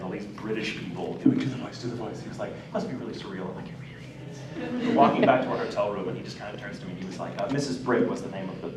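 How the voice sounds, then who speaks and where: A man's voice: on the low side, distant mic, very noisy. An American man, a voice actor telling stories at a convention panel with lots of laughter. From United States. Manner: animated storyteller, laughs often. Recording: echoey hall recorded from afar.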